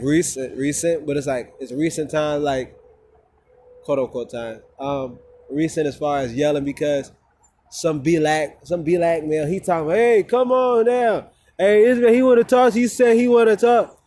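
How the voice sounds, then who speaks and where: A man with a fairly high-pitched voice rants casually into a phone camera while outdoors. He rambles, swears freely and says his phrases twice over. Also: a little mellow, a little hiss or hum. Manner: rambling, profane, repeats himself. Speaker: vlogger.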